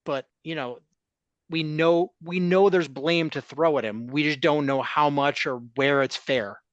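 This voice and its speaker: A man's voice: a little high, measured pace, fairly bright tone, no room sound, lo-fi sound. A man hosting a sports talk podcast, chatting casually and giving opinions in a rambling way with restarts. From Chicago area.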